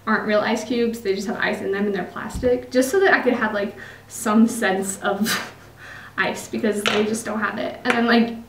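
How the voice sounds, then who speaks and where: A woman's voice: medium pitch, fairly even intonation, moderate pace, roomy sound, recorded from a distance, low-quality recording. A young woman from Utah with an American accent, chatting casually to camera in a vlog, laughing often and using lots of fillers. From Utah, United States. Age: young adult. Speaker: vlogger.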